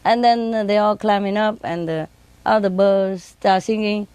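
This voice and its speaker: A woman speaking English with non-native grammar, telling laughing stories about her birds and mimicking them in a high voice. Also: steady tone, a little slow, a little mellow, smooth, dry recording. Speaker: bird owner telling stories. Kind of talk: casual storytelling.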